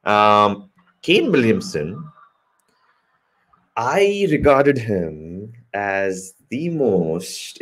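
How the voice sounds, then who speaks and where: Guy with a lowish voice doing live cricket commentary, chatty, keeps fixing his own sentences. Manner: rambling, joking asides, corrects himself mid-sentence.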